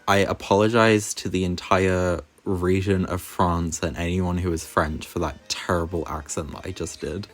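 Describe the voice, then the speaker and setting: Low husky man, wry game commentary. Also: fairly even intonation, normal speed, soft background music. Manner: wry, chatty, laughs at the game. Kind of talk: casual gameplay commentary.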